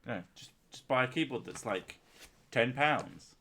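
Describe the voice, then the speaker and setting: A man's voice: medium pitch, expressive, moderate pace, bright, forceful tone, a little hiss or hum. A man hosting a livestream, chatting casually, with crude, self-mocking jokes. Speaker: streamer and host.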